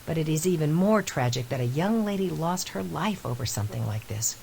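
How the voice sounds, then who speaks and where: A woman voicing a lively, low-voiced senior doctor. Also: a little fast, vocal fry, a little hiss or hum, rough recording. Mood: earnest. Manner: earnest, explanatory. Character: female senior doctor mentoring a resident. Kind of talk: scripted game voice-over.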